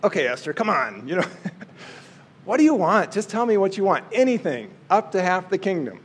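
A man's voice: high voice, very animated, moderate pace, slightly rough, full character voice. A man voicing an impulsive, hot-tempered king who blusters and exclaims. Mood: coaxing.

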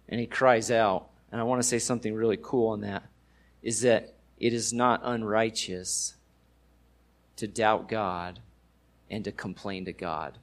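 A man's voice: lowish voice, steady tone, measured pace. A man preaching a sermon in a casual, conversational way, using everyday slang and rising with emphasis on key points. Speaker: pastor.

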